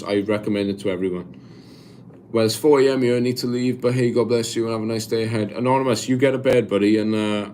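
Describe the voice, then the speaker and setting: Welsh lad in his 20s doing a live stream, lowish voice, rambly and stop-start, faint hiss behind. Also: a little mellow. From Wales. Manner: rambling, halting, with frequent restarts. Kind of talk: casual live stream chat, reading viewer comments aloud.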